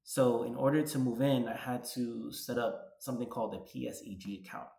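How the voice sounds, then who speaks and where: A man's voice: medium pitch, fairly quick, creaky, dark tone. A man in his thirties, from the New York area, telling a personal story in a chatty vlog, full of "like" and retold dialogue. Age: 30s. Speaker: vlogger. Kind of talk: casual storytelling. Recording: roomy echo.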